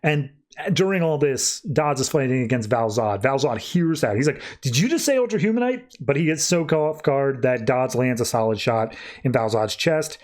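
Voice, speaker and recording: A man's voice: medium pitch, darkish tone. A man hosting a podcast, casually recapping comic issues in a loose, offhand way. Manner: recaps scenes loosely, tossing in quick offhand voices for characters. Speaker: podcast host.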